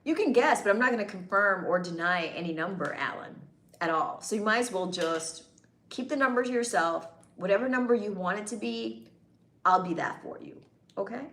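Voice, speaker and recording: A woman's voice: medium pitch, expressive, moderate pace, a bit bright, roomy sound. A woman hosting a casual livestream, reading chat comments and teasing her viewers playfully.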